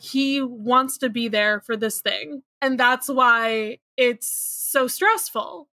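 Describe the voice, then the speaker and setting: A woman's voice: high voice, pushed and bright, no room sound, clean studio sound. A woman co-hosting a podcast, recapping a cartoon episode in casual chat with a wry, blunt manner and casual swearing. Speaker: podcast co-host.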